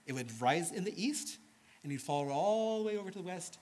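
Animated man telling a children's sermon. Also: high-pitched, a little fast. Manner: animated, playful, with sound effects. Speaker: children's storyteller.

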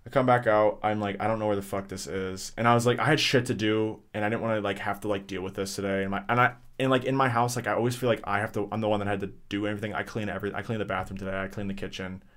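A man's voice: fairly low pitch, fairly even intonation, rapid-fire, few pauses, fairly bright tone. A young man casually telling a rambling story on a podcast, swearing often and full of fillers and restarts. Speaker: podcast co-host.

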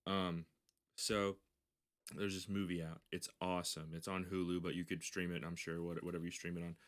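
A man's voice: low-pitched, level tone, a little fast. A man hosting a podcast, telling a long story in casual chat, rambling and swearing, with frequent restarts. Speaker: podcast host.

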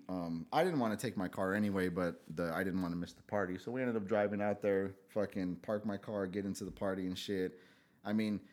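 A middle-aged man talks with a lowish, settled voice. He spins his stories in a relaxed, profane chat. When he quotes other people, his voice jumps up sharply. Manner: laid-back, profane, acts out quotes with a raised voice. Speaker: podcast guest. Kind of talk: casual storytelling chat.

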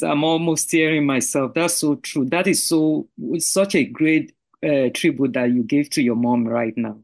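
A woman's voice: sits low, normal speed, hardly any pauses. A woman hosting a podcast over a video call, effusive and full of praise for her guest. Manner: warm, effusive. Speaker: podcast host. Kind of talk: casual chat on a video call.

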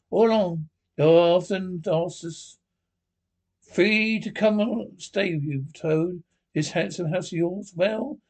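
A man's voice: sits high, darkish tone, voice pushed up, exaggerated voice. A man voicing a stern, wise old badger who scolds and gives firm orders. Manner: scolding, commanding.

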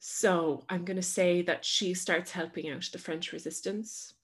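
A woman's voice: lowish voice, steady tone, measured pace, husky. A woman co-hosting a casual podcast, making up a story as she goes with lots of fillers. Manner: rambling, filler-heavy storytelling. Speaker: podcast co-host.

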